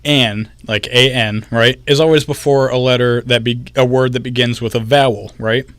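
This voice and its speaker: Young male radio co-host, mid pitch, dry close studio sound, explains patiently. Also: fairly even intonation, normal speed, a bit bright, no room sound. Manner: explains things step by step. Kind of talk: casual chat. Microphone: headphones and studio microphone.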